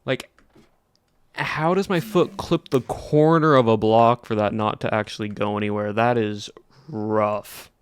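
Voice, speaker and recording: A man's voice: mid-range voice, fairly even intonation, moderate pace, clean tone. A young man streaming a game, chatting casually and rambling to his chat. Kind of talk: casual livestream chat while gaming.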